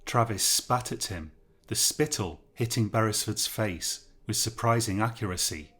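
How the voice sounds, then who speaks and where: A man narrating a horror story in a measured, steady manner. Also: on the low side.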